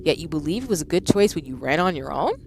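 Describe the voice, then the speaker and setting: A woman voicing a mysterious, disembodied guiding voice from a game, speaking in a measured, coaxing manner. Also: sits low, expressive, vocal fry, darkish tone, slight background noise. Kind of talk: reading game dialogue aloud.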